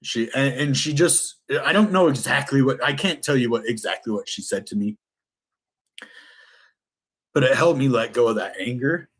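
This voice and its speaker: A middle-aged man speaking at an ordinary pitch as he tells a personal story in a vlog. He rambles, restarts and corrects himself. His tone stays earnest and heartfelt. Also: normal speed, husky. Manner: earnest and emotional. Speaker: vlogger telling his life story.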